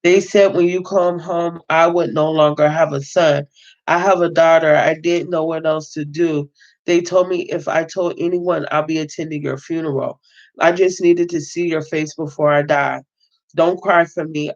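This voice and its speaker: A woman reading aloud the quiet, plain words of a devout, remorseful dying mother. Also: low voice, fairly even intonation, unhurried. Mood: sorrowful. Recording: dull lo-fi sound.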